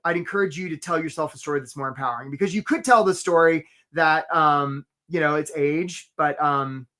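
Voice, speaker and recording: A man's voice: on the high side, brisk, bright, forceful tone. A man giving a motivational career coaching talk in a live webinar, often checking in with "right?". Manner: motivational, peppers lines with "right?".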